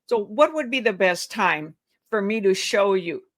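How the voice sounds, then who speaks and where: A woman teaching a real estate sales script, slowly acting out the agent's and the seller's lines with shifting intonation. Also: mid-range voice, animated. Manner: acts out both sides of a phone call with shifting intonation; slow, deliberate delivery.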